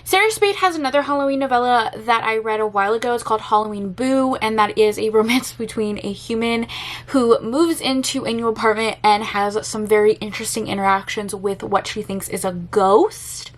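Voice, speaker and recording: A woman's voice: on the high side, fairly quick. A young woman vlogging as a book reviewer, chatty and gushing, with some casual swearing. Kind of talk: casual vlog chat. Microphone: camera.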